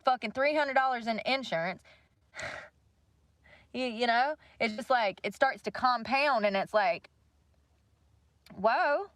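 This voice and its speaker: A woman's voice: fairly high pitch, a little slow, pauses often, fairly bright tone, dry recording. A young woman venting bluntly to livestream viewers, swearing freely. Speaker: livestream host. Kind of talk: casual rant to viewers.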